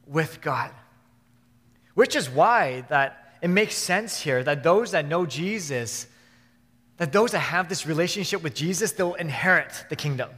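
Earnest pastor guy preaching, kinda high voice, repeats himself a lot, big echoey church sound. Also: fairly bright tone. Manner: earnest, repeats and restarts words. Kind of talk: sermon. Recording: long hall reverb.

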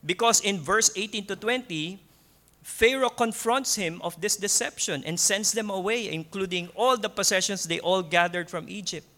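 A man with a Filipino accent preaching a sermon in a church, slow and emphatic, repeating key points and laughing softly now and then. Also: high-pitched. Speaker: pastor.

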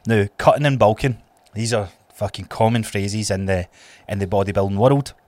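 A Scottish man in his thirties co-hosting a fitness podcast, blunt and animated, swearing freely. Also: lowish voice, normal speed, no echo. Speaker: podcast co-host and trainer. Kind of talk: casual podcast chat.

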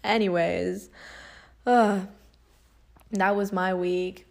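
A woman's voice: mid-range voice, steady tone, drawn-out words, vocal fry, a little mellow. A young woman hosting a casual podcast, telling stories in a chatty way, swearing often and laughing as she goes. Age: young adult. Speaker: podcast host.

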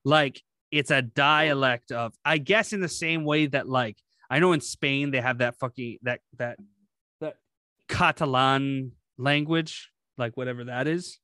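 A man's voice: mid-range voice, unhurried, pushed and bright, no room sound, clean studio sound. A man in casual, rambling podcast chat, swearing freely and laughing often. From grew up around Guyanese speakers.

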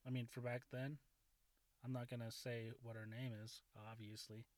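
A man's voice: medium pitch, flat delivery, normal speed, a little mellow, dry recording. A man in his thirties telling a rambling school story in a casual, profane way, often laughing at his own jokes.

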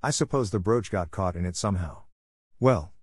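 A man's voice: low voice, breathy edge, no echo. A man reading a stern, scolding farm woman. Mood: bewildered. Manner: brisk, scolding. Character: stern, strict middle-aged farm woman. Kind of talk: audiobook character reading.

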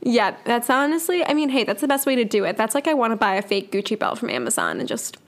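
A woman's voice: on the high side, very animated, quick pace. A young woman in her twenties co-hosting a podcast, playful and teasing in casual chat. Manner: playful, teasing, calls her friend "bud". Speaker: podcast co-host.

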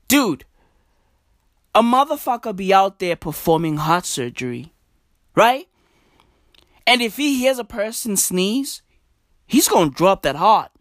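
A woman doing a profane, slang-filled comedic rant, repeating her catchphrases and slipping into soft mock-polite asides. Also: a little high, dry recording, clean studio sound.

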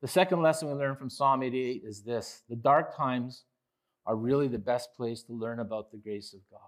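A male pastor preaching a sermon, swinging from quiet reflection to loud, impassioned pleading. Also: normal speed. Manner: impassioned preaching, rising loud when voicing the psalmist; drops low and quiet on reflective points.

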